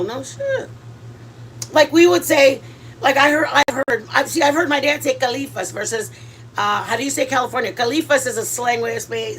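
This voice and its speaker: A woman's voice: fairly high pitch, a bit bright, a little hiss or hum. A woman hosting a home cooking vlog, chatting casually in a rambling way with lots of fillers and restarts and dropping in Spanish words. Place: home kitchen.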